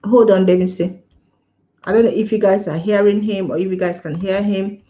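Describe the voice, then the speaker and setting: A woman's voice: mid-range voice, fairly even intonation, normal speed, mellow, dull audio. A woman hosting a casual livestream, giving an emphatic opinion, repeating her points and talking to viewers. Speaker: livestream host. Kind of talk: casual live-stream commentary.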